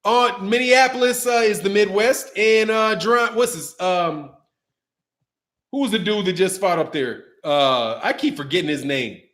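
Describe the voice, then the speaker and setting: A lively man with a fairly high voice for a man, hosting a casual livestream about boxing. He talks in loose slang, rambles and laughs a lot as he reads super chats. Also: a little slow. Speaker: boxing channel host.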